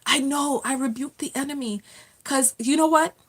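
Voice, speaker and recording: Chatty animated woman live-streaming. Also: sits high, moderate pace. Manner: chatty, animated, laughs often, reads viewer comments aloud. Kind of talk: casual live-stream chat with viewers.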